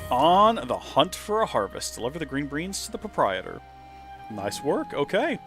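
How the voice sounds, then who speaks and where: Animated man streaming a game. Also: normal speed, music in the background. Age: 30s. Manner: animated, jumps into high exclaiming voices when excited. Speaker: let's play streamer. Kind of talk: casual gameplay commentary and storytelling.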